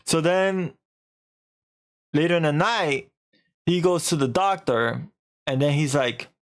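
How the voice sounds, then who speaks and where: A man's voice: a little high, slow pace. A man streaming, casually retelling a story in a rambling way and acting out the quotes. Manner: rambling, animated retelling full of acted-out quotes.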